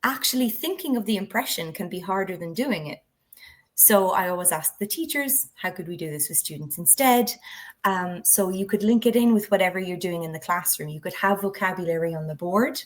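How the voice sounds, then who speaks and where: A woman's voice: fairly low pitch, brisk. A woman working as a drama education trainer, instructive in tone and walking through each step with examples. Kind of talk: explanatory conversation.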